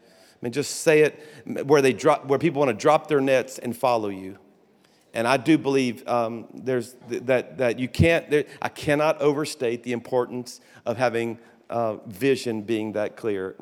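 Folksy pastor preaching in a hall. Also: male voice, medium pitch. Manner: folksy storytelling with restarts and laughter. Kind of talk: conference sermon. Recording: long hall reverb.

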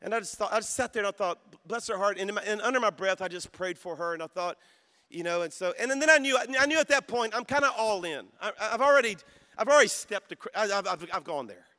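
Male pastor, high and bright, shifts between soft storytelling and shouted exhortation. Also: lively intonation, quick pace. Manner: storytelling, dropping to soft voice then rising to shouts. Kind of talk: sermon. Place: conference hall.

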